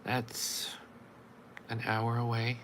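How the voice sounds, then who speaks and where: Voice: medium pitch, monotone, very slow, fairly bright tone, slight background noise, rough recording. A channel host telling a long story in casual live-stream chat, acting out both sides of each conversation with wry exasperation.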